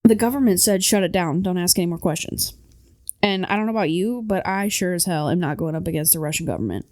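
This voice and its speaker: A woman's voice: fairly low pitch, lively intonation, quick pace, a little mellow, no room sound, clean studio sound. A young woman co-hosting a podcast, blunt and sarcastic, swearing freely in casual chat. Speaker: podcast co-host.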